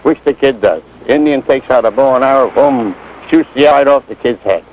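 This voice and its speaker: A man telling a joke in a brisk, anecdotal way, recorded outdoors near traffic. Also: medium pitch, darkish tone, dull audio. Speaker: joke teller.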